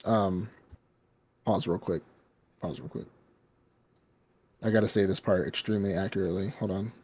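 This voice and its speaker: A man's voice: low voice, moderate pace, breathy edge. A man co-hosting a podcast, recapping a film in casual, rambling, profane chat. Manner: rambling, profane, animated storytelling. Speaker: podcast co-host.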